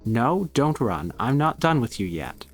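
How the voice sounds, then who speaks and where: A man's voice: mid-range voice, a little slow, faint music behind. Man reading as a cold, scolding holy woman. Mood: menacing. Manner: repeats the same scolding question flatly. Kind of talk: reading a game character aloud.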